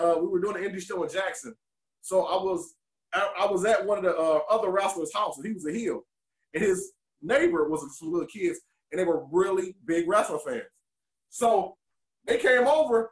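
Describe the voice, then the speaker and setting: A man from Detroit, a podcast co-host and former wrestler, telling candid stories in an animated, emotional way. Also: high voice, brisk, echoey room. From Detroit, USA. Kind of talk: candid storytelling interview.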